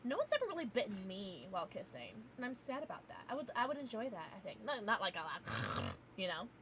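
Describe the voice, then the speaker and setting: A woman streamer chatting casually with her live chat, giggly and playful, teasing with sudden loud outbursts. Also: medium pitch, wildly swooping pitch, brisk, slight background noise. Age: adult, parent. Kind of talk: casual livestream chat, reading chat.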